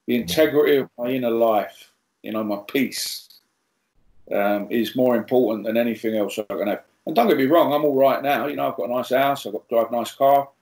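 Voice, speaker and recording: A man's voice: medium pitch, a little fast, echoey room, low-quality recording. A male pastor, telling humorous stories as a podcast guest and acting out the dialogue. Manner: lively, jokey, acts out quoted dialogue. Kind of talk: humorous storytelling.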